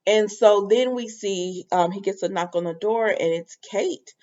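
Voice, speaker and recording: A woman's voice: mid-range voice, a little slow, a little mellow, lo-fi sound. A woman giving a casual, rambling recap of a soap opera episode, with lots of fillers. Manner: chatty, rambling, filler-heavy retelling.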